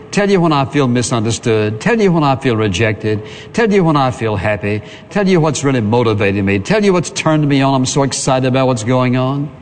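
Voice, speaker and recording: A pastor giving an earnest sermon to a congregation and calling for amens. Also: male voice, medium pitch, slight background noise. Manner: earnest preaching with call for amen. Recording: reverberant hall.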